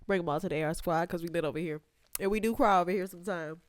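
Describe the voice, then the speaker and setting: A young adult woman hosts a reaction video, speaking very fast in a fairly low voice with no echo. She chats casually and with heart, addressing her viewers directly in an emotional reaction.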